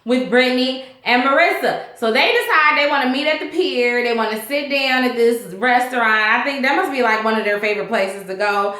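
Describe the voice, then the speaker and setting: A woman's voice: on the high side, a little fast, few pauses, sharp tone, echoey room. A woman vlogger giving a casual, sassy and candid recap of a reality show episode, talking straight to her viewers.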